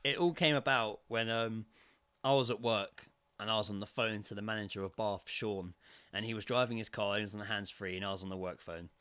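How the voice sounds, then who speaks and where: A man's voice: lowish voice, fairly even intonation, fairly quick, fairly bright tone, clean tone. A young man co-hosting a casual comedy podcast, telling stories and acting out the voices of people in them. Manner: storytelling, acts out voices. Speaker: podcast co-host.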